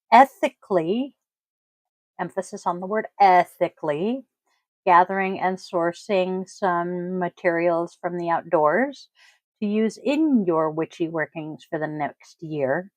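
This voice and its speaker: A woman hosting her own podcast, talking casually and deliberately, stressing key words with frequent ums. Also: fairly low pitch, dry recording, low-quality recording. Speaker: podcast host. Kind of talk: casual solo podcast talk.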